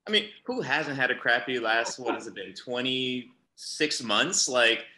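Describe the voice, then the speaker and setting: A man's voice: medium pitch, animated, measured pace, bright, forceful tone. A man co-hosting a casual chat, talking earnestly and urgently and repeating phrases for emphasis. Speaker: youth ministry podcast co-host. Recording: echoey room sound.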